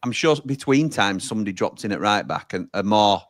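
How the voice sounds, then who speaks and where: A man's voice: fairly low pitch, expressive, brisk. A man co-hosting a football watch-along, chatting casually and reading out viewer comments. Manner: chatty, reads out viewer messages.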